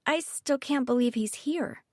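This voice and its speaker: A woman's voice: sits high, measured pace, no echo, clean studio sound, pitched above the performer's own voice. A woman reading an audiobook, voicing a guarded, anxious teenage girl with a lifted, earnest, hesitant delivery.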